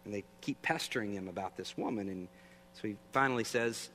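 Low-voiced man preaching in a reverberant hall. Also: fairly quick, a bit bright. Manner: conversational, asks the audience questions. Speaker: pastor. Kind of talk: sermon. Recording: long reverb, faint hum.

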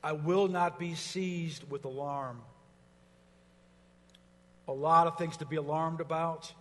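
A male pastor delivers a sermon in a high, bright-sounding voice, stacking repeated promises with growing fervor. Casual asides come between the declarations. His voice rings out with a long hall reverb. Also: slight background noise. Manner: preaching with rising fervor, repetition.

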